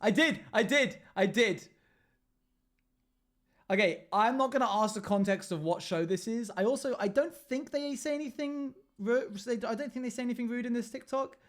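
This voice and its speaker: A man's voice: very high-pitched, brisk, hardly any pauses. A young man livestreaming casually, chatting with viewers, laughing often and humming to himself. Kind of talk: casual chat with live chat while gaming.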